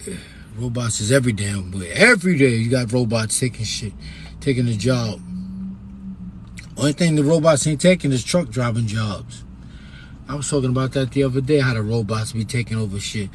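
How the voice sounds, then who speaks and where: A man with a New York accent talks casually and bluntly on a livestream, swearing freely and rising into loud, emphatic bursts when he presses a point. He speaks at an ordinary pitch for a man. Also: a little hiss or hum. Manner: loose, profane and talkative, with sudden loud emphatic bursts. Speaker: author selling his books. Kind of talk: casual livestream chat with a book reading.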